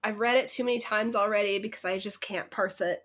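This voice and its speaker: A woman's voice: medium pitch, fairly even intonation, brisk, fairly bright tone. A woman co-hosting a podcast, chatting with sardonic, exasperated comments and laughing along. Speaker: podcast co-host. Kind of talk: casual chat.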